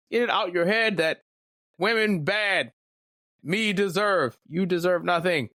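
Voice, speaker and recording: A man's voice: fairly high pitch, fairly bright tone, no echo, studio quality. A young man hosting a casual solo podcast, talking candidly and rambling with joking asides. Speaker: podcast host.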